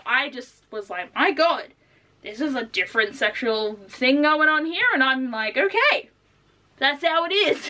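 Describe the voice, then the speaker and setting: A young woman reviewing a book in a casual vlog, gushing, swearing freely and acting out characters in squeaky voices. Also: sharp tone, distant mic.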